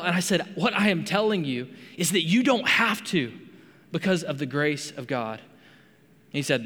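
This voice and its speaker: A man's voice: fairly high pitch, moderate pace, fairly bright tone, big-room sound. A man preaching a sermon as pastor, earnest, often repeating words as he starts a phrase. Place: rec center meeting room.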